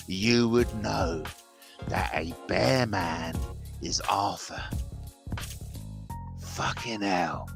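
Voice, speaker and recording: A man with a lowish voice rants slowly, mocking and swearing as he circles back over the same jabs. Faint music sits behind him. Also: vocal fry. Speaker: host. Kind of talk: rambling solo livestream rant.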